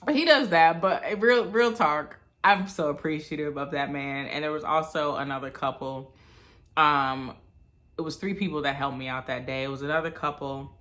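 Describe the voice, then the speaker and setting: Animated bright-voiced woman in her thirties. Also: deep voice, normal speed. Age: 30s. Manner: animated, chatty storytelling with asides to viewers. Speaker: vlogger. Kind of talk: storytelling vlog.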